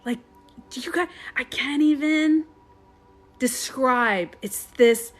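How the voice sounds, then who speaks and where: A woman's voice: high-pitched, takes it slowly, soft background music. A woman who works as a meditation coach, rambling in a casual live-stream monologue with lots of swearing.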